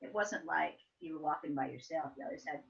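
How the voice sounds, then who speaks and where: Older woman telling animated childhood stories. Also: low-pitched, a little fast, creaky. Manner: animated storytelling, acts out her younger self. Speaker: interviewee. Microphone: soft and distant at times. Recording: dull lo-fi sound.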